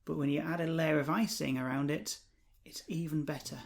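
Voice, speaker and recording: A man's voice: fairly high pitch, steady tone, fairly quick, creaky. Easygoing man co-hosting a podcast. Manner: easygoing, hesitant restarts. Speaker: podcast co-host. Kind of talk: casual chat.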